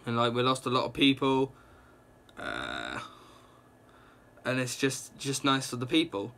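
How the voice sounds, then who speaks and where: A young man recapping a comic book issue in a casual, excited ramble, full of "like" and quick reactions. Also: medium pitch, creaky.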